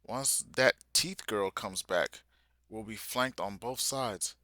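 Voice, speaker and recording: A man's voice: lowish voice, slow pace, pushed and bright, dry recording, clean studio sound. A man voicing an urgent old man in flight, reading in a plain voice barely changed from his own.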